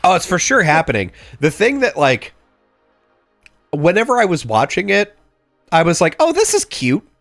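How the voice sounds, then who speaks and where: A man's voice: fairly high pitch, big pitch swings, moderate pace, creaky, long pauses, a bit bright, dry recording, studio quality, soft background music. A man co-hosting a podcast in casual chat, joking and riffing with silly voices and sound effects. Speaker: podcast co-host.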